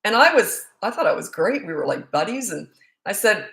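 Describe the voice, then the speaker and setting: A woman's voice: mid-range voice, very animated, fairly quick, fairly bright tone. A middle-aged woman, a parenting coach, answering viewer questions in a frank, chatty way full of stories and fillers. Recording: roomy echo.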